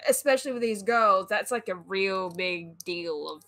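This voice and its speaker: A woman's voice: mid-range voice, moderate pace, a bit bright. A woman co-hosting a casual chat, talking in a chatty way with lots of filler words. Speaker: co-host.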